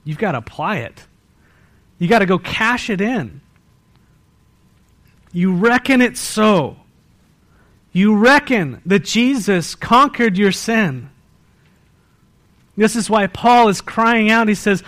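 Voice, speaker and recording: High-voiced preaching pastor, surging and hushing. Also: male voice, expressive, takes it slowly, long pauses. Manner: preaching with sharp swings from loud bursts to hushed emphasis; pleads with rhetorical questions to the congregation. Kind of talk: sermon. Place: church service.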